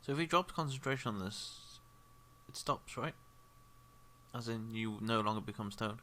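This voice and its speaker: A man's voice: mid-range voice, moderate pace, bright, forceful tone. Casual male game master. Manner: casual, rules-checking. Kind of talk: running a tabletop game online.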